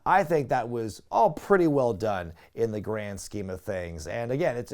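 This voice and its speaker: Casual male reviewer, middle-pitched, chatty and excitable, swings his pitch a lot. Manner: chatty, excitable, laughs at his own asides. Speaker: wrestling show reviewer. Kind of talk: casual video review commentary.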